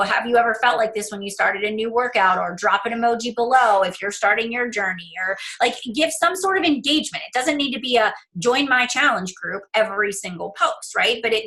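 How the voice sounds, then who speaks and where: A woman's voice: fairly high pitch, bright, forceful tone, poor audio. A woman business coach presenting on a group call, chatty and informal, often checking in with "right?". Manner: chatty, talks to herself aloud, many "right?" tags.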